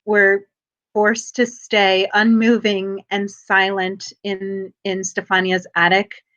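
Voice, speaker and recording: A woman's voice: medium pitch, level tone, slow pace, fairly bright tone, lo-fi sound. A woman editor interviewing an author on a video call, laughing often and hesitating with fillers.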